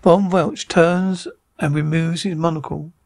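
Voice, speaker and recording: A man's voice: a little high, steady tone, a little slow, creaky. A man reading aloud and narrating the action of an old television episode. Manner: plain descriptive narration. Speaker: narrator and reader.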